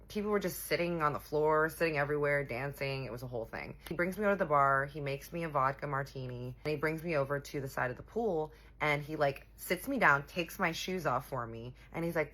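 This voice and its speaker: A young woman telling a casual storytime, chatty and animated, with lots of 'like'. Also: deep voice.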